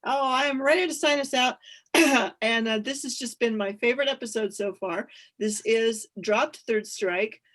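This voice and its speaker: Woman, podcast co-host, casual chat, upbeat, giggly, slightly high voice. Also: normal speed, fairly bright tone.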